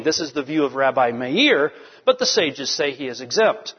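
A man preaching a sermon as pastor, reading scripture and teaching in a measured way to his congregation. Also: mid-range voice, very animated, husky, in a large hall, dull audio. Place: church sanctuary.

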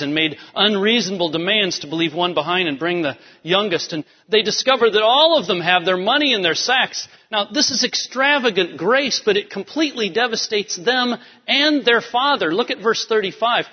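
A male pastor giving an animated sermon, swinging between soft, quiet lines and emphatic rises. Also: high-pitched, moderate pace, breathy edge. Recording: dull sound with long hall reverb.

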